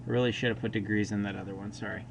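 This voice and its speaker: A man's voice: fairly low pitch, fairly even intonation, racing, creaky, a little hiss or hum. A man teaching a recorded math lesson, talking through each step aloud with casual asides.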